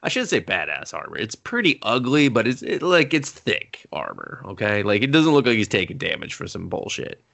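A man's voice: lowish voice, very animated, moderate pace, gravelly, hardly any pauses, fairly bright tone. A man co-hosting a podcast, giving a sarcastic, profane, rambling recap of a show in casual chat. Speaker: podcast co-host.

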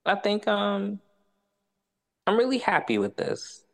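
A woman's voice: mid-range voice, very animated, takes it slowly, vocal fry. A woman hosting a casual podcast chat, laid-back and repetitive, laughing often. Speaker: podcast host.

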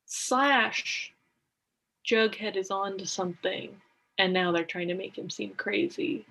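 A woman's voice: mid-range voice, takes it slowly, creaky, bright, forceful tone, slightly rough. A woman co-hosting a podcast, chatting casually about a TV episode in a rambling way, full of filler words. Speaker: podcast co-host. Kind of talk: casual TV recap chat.

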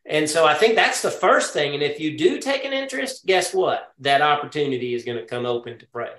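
A man leading a casual group Bible study, folksy and quick to laugh. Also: fairly high pitch, lively intonation, a bit bright. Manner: folksy, laughs often, affirms with yep. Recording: roomy echo.

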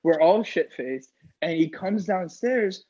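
A man's voice: high-pitched, animated, slow pace, mellow. A young man telling a crude party story on a podcast, acting out his friends' lines in a casual, profane way. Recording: slightly dull lo-fi sound.

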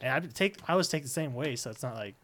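A man's voice: mid-range voice, very fast. A young man, teasing and questioning his friends in casual banter. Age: young adult. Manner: animated, teasing, asks lots of questions.

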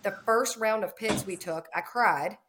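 A woman's voice: medium pitch, unhurried, noisy background. A woman farmer in casual conversation, telling stories in a chatty way and acting out the quoted exchanges.

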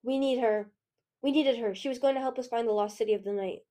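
A woman's voice: on the high side, fast, mellow, natural voice. Woman voicing a bitter male dragon, accusing tone, storybook reading.

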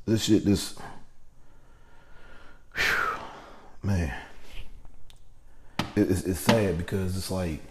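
A man's voice: low voice, drawn-out words, pauses often. A man telling a personal story in a casual, profane, rambling monologue, often restarting his sentences.

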